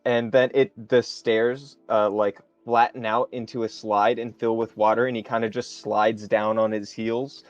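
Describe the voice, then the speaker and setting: Halting male game master. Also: fairly low pitch, level tone, dry recording, lo-fi sound, faint music behind. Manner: halting, improvised description. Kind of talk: narrating a tabletop game.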